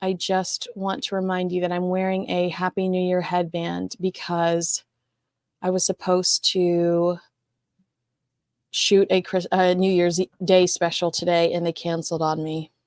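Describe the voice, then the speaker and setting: A woman's voice: on the low side, monotone, unhurried, darkish tone, dry recording, studio quality. A woman hosting a casual livestream, chatting and reading viewer comments in a rambling, talkative way. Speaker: show host reading live chat.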